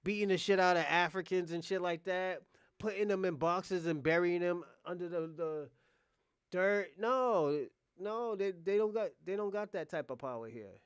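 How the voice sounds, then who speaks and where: Dude reacting to a clip, cursing a lot, clean resonant voice, dry sound. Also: male voice, high voice, moderate pace, smooth, no room sound. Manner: blunt, heated, swears freely. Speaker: reaction video host. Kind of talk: casual profane rant.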